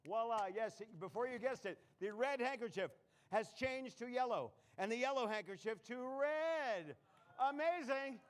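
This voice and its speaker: A man's voice: very high-pitched, lively intonation, normal speed. A man performing a comedy magic act on a live stage, full of puns and self-mocking jokes. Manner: punning, self-mocking, jokey.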